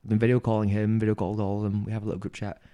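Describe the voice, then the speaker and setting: He co-hosts a podcast, speaking in a lowish voice at a rapid-fire clip. Telling a story in easygoing conversation, he acts out quoted voices with energy and laughs a lot.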